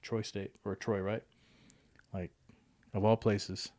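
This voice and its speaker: A man's voice: lowish voice, little pitch movement, slow pace, darkish tone, no room sound. A man co-hosting a podcast, talking loosely in a joking, rambling casual chat. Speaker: podcast co-host.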